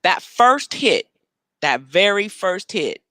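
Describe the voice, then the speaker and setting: A woman hosting an interview, asking eager, expressive questions. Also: medium pitch, slow pace, no echo. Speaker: host.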